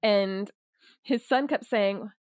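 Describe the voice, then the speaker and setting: A woman hosting a podcast, telling stories in an animated, chatty way and laughing often. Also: mid-range voice, slow pace, smooth, no echo, studio quality. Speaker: podcast host. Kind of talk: conversational interview.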